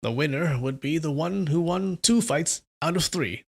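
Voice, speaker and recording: A man voicing a calm, wise old male priest, speaking slowly and reasonably. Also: a little high, gravelly, breathy edge, pitched above the performer's own voice, heavily acted. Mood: reasoning. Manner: slow, measured and reasonable.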